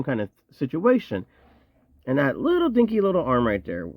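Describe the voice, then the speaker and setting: A man's voice: a little high, wildly swooping pitch, normal speed, no room sound, highs cut off. A man casually reviewing action figures from his collection, chatty and slangy, with joking asides. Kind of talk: casual show-and-tell review.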